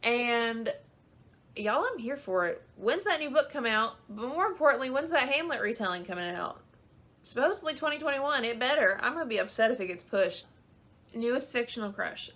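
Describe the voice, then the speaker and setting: A woman's voice: on the high side, lively intonation, moderate pace, a bit bright. A young woman talking about books in a casual video, chatty and gushing, with lots of "um" and "like". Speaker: book vlogger. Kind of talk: casual chat.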